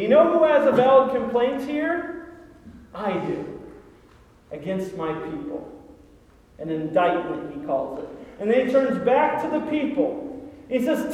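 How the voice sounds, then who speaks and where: A man's voice: very high-pitched, sing-song, measured pace, darkish tone. A male pastor preaching a sermon in a church, conversational and dramatic. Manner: conversational, dramatic reading of scripture. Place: church sanctuary. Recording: echoey hall from far off.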